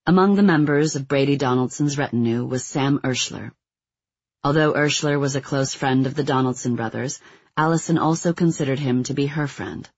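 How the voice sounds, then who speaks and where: A man reads nonfiction narration in a steady, measured way, his voice a little husky. The recording is dry and close, with a slightly dull, muffled tone. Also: mid-range voice, no echo. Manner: even, measured reading; quotes read with little acting. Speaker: audiobook narrator.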